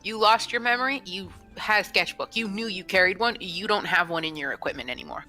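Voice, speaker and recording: A woman acting as game master of a tabletop game, narrating in a relaxed, easygoing way. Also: medium pitch, a little fast, faint music behind.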